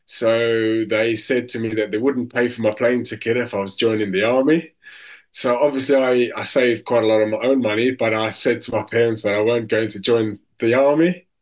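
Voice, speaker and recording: A man's voice: medium pitch, fairly even intonation, brisk. Man, South African accent, interview guest, anecdotal storytelling, frequent restarts. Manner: tells anecdotes with acted quotes, frequent restarts.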